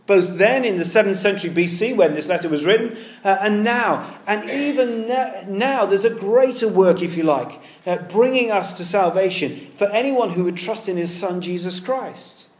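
A man preaching a sermon in a lively, conversational way, dropping in everyday comparisons. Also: sits high. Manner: lively, conversational with pop-culture asides. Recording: echoey room.

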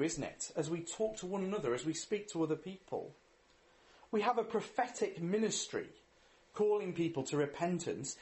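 A man's voice: high-pitched, a little mellow. A man preaching a sermon in an earnest way, reading scripture, asking rhetorical questions and leading a prayer.

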